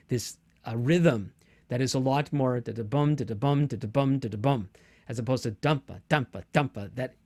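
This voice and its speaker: A man's voice: mid-range voice, a little mellow. A middle-aged man teaching a Bible survey course in a casual, self-correcting way that sometimes laughs at himself. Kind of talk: teaching lecture.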